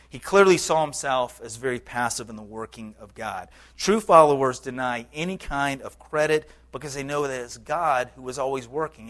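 A man's voice: medium pitch, fairly bright tone. Earnest male pastor preaching a sermon. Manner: earnest, conversational preaching with occasional fillers.

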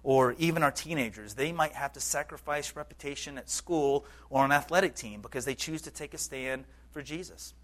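Male pastor, mid-pitched, earnest conversational sermon delivery. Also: a little fast, few pauses. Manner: earnest, conversational preaching with occasional fillers.

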